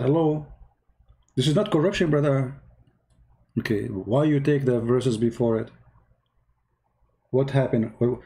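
A man's voice: medium pitch, warm tone. A man giving heated, mocking commentary in broken English, scolding and repeating himself. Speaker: host reacting to a video.

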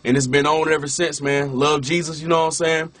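A minister and former rapper shares his personal testimony casually, often saying "you know what I'm saying" and restarting his words. His voice sits on the high side, fairly even and a bit bright, with a brisk pace and a dry recording.

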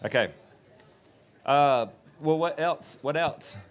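A man's voice: on the high side, slow pace. Man, festival speaker, folksy and joking, works the crowd. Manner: joking, folksy storyteller who talks to the crowd. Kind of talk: live talk to an audience. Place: festival tent.

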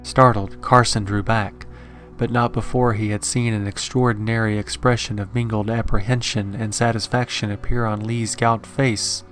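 A man narrating a horror story in a measured, steady scripted reading. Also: fairly low pitch. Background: faint horror background music.

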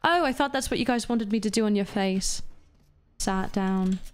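A woman's voice: mid-range voice, moderate pace, smooth. A woman streamer chatting casually with her live chat while gaming, profane, playful and flirty. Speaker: VTuber streamer.

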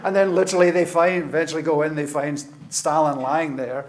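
A man's voice: a little high, level tone, brisk. A middle-aged man giving a public lecture and taking questions, telling stories animatedly with frequent stammered restarts. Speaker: guest lecturer.

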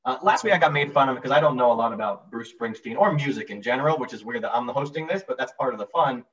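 A man's voice: mid-range voice, lively intonation, quick pace, fairly bright tone. Casting: male host from New Jersey, hesitant and laughing, mid voice, muffled far-off mic. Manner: laughs easily, hesitant with ums. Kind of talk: casual chat. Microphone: video call. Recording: distant, dull video-call audio.

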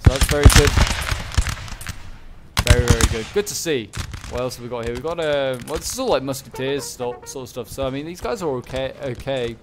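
A man's voice: mid-range voice, lively intonation, fairly quick, music in the background. A man giving casual, rambling commentary over a strategy game battle, with lots of fillers and restarts. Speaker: gameplay commentator.

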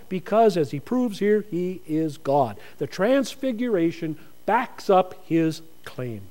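Male pastor with a high voice, earnest sermon delivery that builds to forceful emphasis. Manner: earnest preaching, rising to forceful emphasis, with rhetorical questions.

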